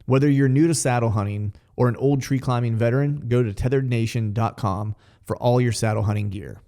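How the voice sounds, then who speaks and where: A man's voice: medium pitch, fairly even intonation, fairly quick, creaky, dark tone. A man reading sponsor ads in an upbeat, salesy way. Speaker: ad announcer. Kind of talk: read sponsor ad.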